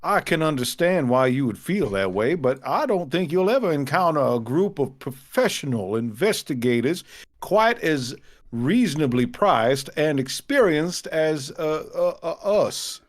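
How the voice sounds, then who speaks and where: A man speaking in character as a player in a tabletop game, smooth-talking and mock polite. His voice moves a lot, rising and falling. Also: on the high side, very animated, a little slow. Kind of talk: in-character persuasion.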